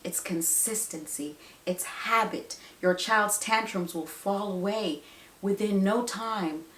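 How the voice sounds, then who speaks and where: A woman's voice: mid-range voice, slow, fairly bright tone, roomy sound. A woman nurse and mother giving parenting advice straight to camera, emphatic and full of rhetorical questions. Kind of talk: direct-to-camera advice talk.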